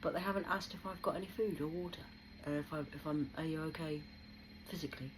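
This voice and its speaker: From a small rented room, a woman vlogger vents to camera in an unscripted, agitated, rambling monologue, swearing often. Her voice is fairly low and quick, with a noisy background.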